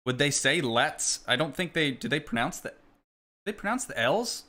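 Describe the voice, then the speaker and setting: Man, live streamer, chatty and rambling, bright forceful tone, casual gameplay talk. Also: fairly high pitch, animated, normal speed. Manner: chatty, rambling, answers chat questions.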